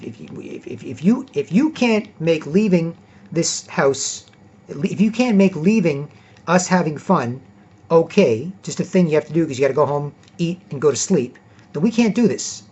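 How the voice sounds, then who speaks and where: A man with a husky, slightly raised voice holds forth in a rambling vlog lecture. He is emphatic and blunt, swears freely and keeps checking in with "right?". The recording is dull and lo-fi. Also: on the high side, lively intonation, normal speed, a little mellow. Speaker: vlogger. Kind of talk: casual lecturing monologue.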